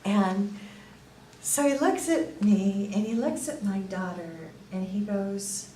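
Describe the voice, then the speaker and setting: A woman's voice: mid-range voice, slow pace. Older woman telling a faith story. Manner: storytelling, animated, laughing at her own punchlines. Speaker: workshop speaker. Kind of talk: faith testimony to a small group. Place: room at a church workshop. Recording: echoey room from a distance, faint background noise.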